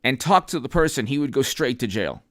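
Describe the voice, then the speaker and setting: A man's voice: medium pitch, lively intonation, brisk, a bit bright, no room sound, clean studio sound. A man hosting an unscripted political commentary stream, talking in a rambling, emphatic way with many restarts. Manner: reads out viewer names and thanks them.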